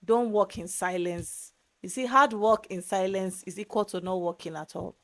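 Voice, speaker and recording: A young adult woman from Nigeria with a Nigerian accent, giving animated, emphatic advice in a casual vlog monologue. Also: mid-range voice, moderate pace. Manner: animated, emphatic, repeats words for stress. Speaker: vlogger.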